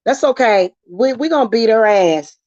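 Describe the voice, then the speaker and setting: A woman's voice: fairly high pitch, expressive, moderate pace, darkish tone, dry recording. A woman venting in a casual vlog, heated and emotional, swearing freely as she talks about spiritual work. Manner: heated, profane, emotional ranting. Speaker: witchcraft vlogger. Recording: dull, dry lo-fi sound.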